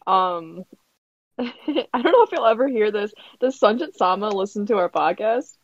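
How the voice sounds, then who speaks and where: A woman's voice: mid-range voice, animated, moderate pace, dry recording. A young woman co-hosting a podcast, telling a story in casual chat, laughing often and filling with "like". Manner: giggly storytelling, lots of "like". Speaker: podcast co-host. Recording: slightly dull lo-fi audio.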